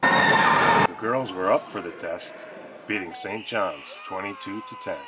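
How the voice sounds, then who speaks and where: A man narrating a sports documentary from a script in a measured recap style. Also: low voice, very noisy.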